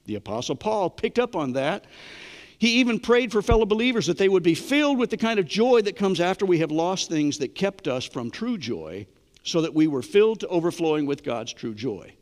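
Pastor, middle-aged man, slightly higher voice, chatty sermon delivery, long church reverb. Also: very animated, a little fast. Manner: conversational preaching, asks the congregation questions.

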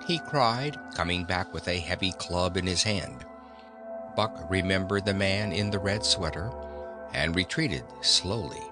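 A man narrating a classic novel as an audiobook reader, in slow, expressive storytelling. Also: low-pitched. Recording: narration over background music.

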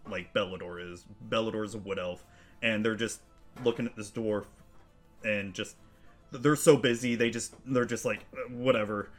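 A man's voice: fairly low pitch, fairly bright tone. A man narrating a tabletop game as game master, casual and rambling with lots of fillers.

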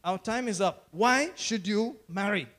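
A high-pitched male pastor delivers a sermon. He is in his fifties and talks in repeated phrases, pausing for the listeners to answer amen. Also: fairly bright tone. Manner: preacherly, repeats phrases, calls for amens.

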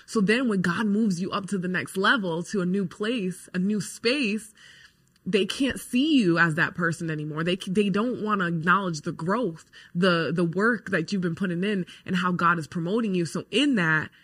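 A woman's voice: on the low side, moderate pace, fairly bright tone, breathy edge. A young woman hosting a faith show, earnestly telling a personal testimony with many fillers. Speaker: host.

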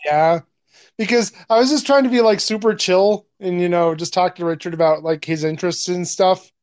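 A man's voice: sits high, moderate pace, darkish tone, dry recording. A man co-hosting a podcast in casual chat, blunt and profane, laughing often. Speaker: podcast co-host.

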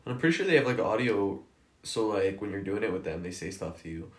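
A young man with a fairly low voice, tossing out crude jokes and laughing as he chats. The room around him is echoey. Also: animated, fast. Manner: crude, joking, laughs often. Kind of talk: casual chat.

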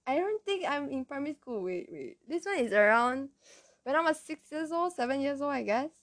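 A young woman with a Malaysian English accent tells childhood stories in a loose, rambling way, laughing at herself often. Her voice sits fairly high. The sound is dry and close, with no room around it. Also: expressive, a little fast, no room sound. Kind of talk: casual storytelling.

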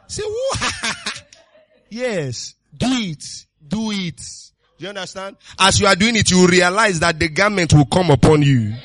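An exuberant male pastor preaches with repeated calls and sudden bursts of shouting. His voice sits a little high for a man, and faint music plays behind him. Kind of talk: sermon.

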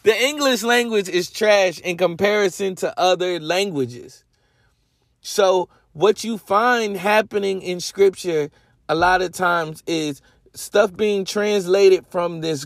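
Man, slightly high voice, casual podcast Bible talk, rambling and slangy, dry close sound. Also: no echo. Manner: rambling, slangy, self-correcting. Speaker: podcast host.

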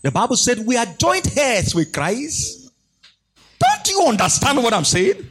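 A man preaching a sermon in a husky voice, emphatic and animated, repeating lines for stress. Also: very high voice, measured pace.

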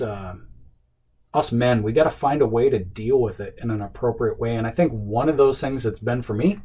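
A man's voice: mid-range voice, darkish tone. A middle-aged man giving an earnest, casual motivational talk to other men, with plenty of fillers and restarts.

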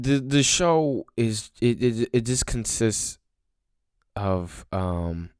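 A man's voice: sits low, no room sound, clean studio sound. A young man rambling in a casual, crude and sarcastic monologue to his viewers, mocking himself. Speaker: vlogger.

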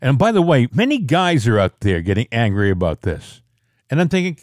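A man's voice: very animated, fairly quick, darkish tone, no echo, studio quality. Opinionated man on a political talk show. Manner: opinionated, emphatic, pushes pitch up when stressing a point. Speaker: co-host.

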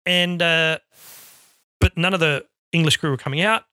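A middle-aged man from Australia, an interview guest telling animated stories and acting out quotes. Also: fairly high pitch, normal speed, smooth, no room sound, clean studio sound. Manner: animated, acts out quotes in storytelling. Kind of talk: casual storytelling.

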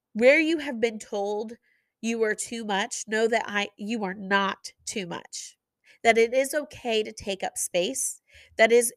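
A woman's voice: on the high side, no echo, clean studio sound. A woman hosting a podcast, talking with passionate, emphatic energy in a motivational monologue. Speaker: podcast host.

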